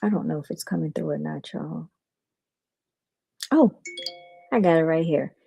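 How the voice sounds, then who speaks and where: A woman's voice: low-pitched, moderate pace, vocal fry, mellow, slight background noise. A woman, a realtor, hosting a casual livestream, talking to her viewers as "y'all" and retelling conversations by acting out the other people's lines.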